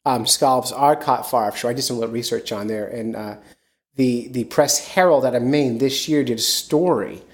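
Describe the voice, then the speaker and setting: A man from near Philadelphia hosting a casual fishing podcast, chatty and rambling, with quick bursts of speech. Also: medium pitch. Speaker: podcast host and fishing guide.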